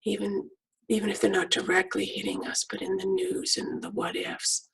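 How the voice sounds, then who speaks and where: A middle-aged woman guiding a prayer meditation in a soft, half-whispered voice. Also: medium pitch, big pitch swings, moderate pace, gravelly, husky, poor audio.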